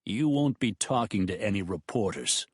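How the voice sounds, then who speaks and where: A man voicing a furious, threatening groom who speaks tightly and low in an audiobook. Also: very animated, unhurried, slightly rough, dry recording, studio quality. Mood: angry. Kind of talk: audiobook character voice.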